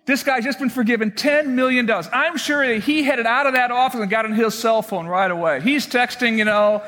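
A man's voice: extremely high pitch, a little fast, bright, forceful tone, in a large hall. A pastor in his sixties preaching a sermon in a conversational way, asking his listeners questions.

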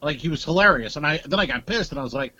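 A man's voice: fairly high pitch, lively intonation, quick pace, sharp tone, highs cut off. A man co-hosting a comedy podcast, telling a loose, profane story in casual chat.

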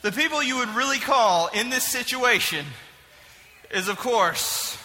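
A man with a very high, sharp, bright voice delivers a comic sermon illustration to a live audience. He is animated and jokey, often shouting for emphasis. The sound carries through a reverberant hall with faint background noise. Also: a little slow. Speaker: speaker addressing a live audience.

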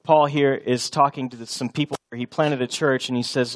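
Pastor, man, 30s, earnest sermon delivery, middle pitch, repeats key lines for emphasis. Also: fairly even intonation, moderate pace.

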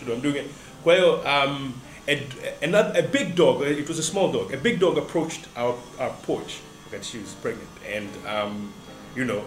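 A man's voice: a little high, a bit bright, reverberant, low-quality recording. A man in casual chat, telling a story with lots of fillers and restarts, switching into Swahili now and then. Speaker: podcast guest.

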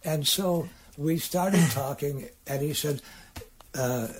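An older man, a singer-songwriter guest, telling rambling, halting stories in a casual interview. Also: fairly high pitch. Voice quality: raspy, gravelly.

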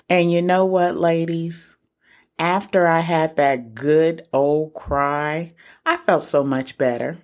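A middle-aged woman hosting a casual solo podcast, talking earnestly and encouragingly straight to her listeners. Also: low voice. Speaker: podcast host for single moms.

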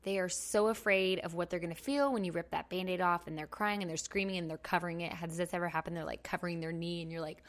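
A woman hosting a podcast, giving a casual motivational talk in an animated, self-mocking way and laughing often. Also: on the low side, fast, hardly any pauses.

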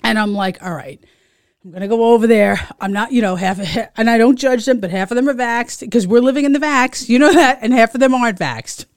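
A woman's voice: on the high side, brisk, hardly any pauses, dry recording, clean studio sound. A woman in casual chat as a co-host, chatty, laughing often and full of fillers.

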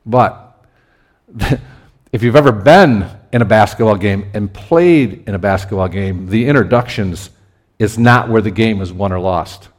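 A man preaching a conversational sermon as pastor, his delivery lively and building to emphatic peaks. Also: lowish voice, measured pace.

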